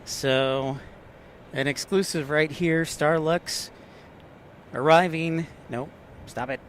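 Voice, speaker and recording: Slow, easygoing male livestream host. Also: medium pitch, steady tone, a little hiss or hum. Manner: joking, reads and answers live chat. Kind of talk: casual live-stream chat.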